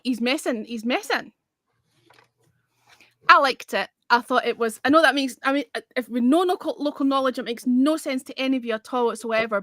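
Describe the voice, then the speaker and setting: Blunt woman, casual livestream chat, higher-pitched, dry recording. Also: pushed and bright, no room sound. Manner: blunt and sweary, talks with her hands. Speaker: host.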